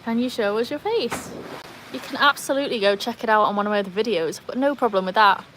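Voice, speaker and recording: A woman's voice: a little high, fast, a bit bright, a little hiss or hum. Chatty woman livestreaming from her backyard. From North Wales. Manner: chatty, self-deprecating, walks around the yard. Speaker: livestream host. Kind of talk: casual livestream chat reading comments. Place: outdoor backyard by a pool. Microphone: phone, no external mic.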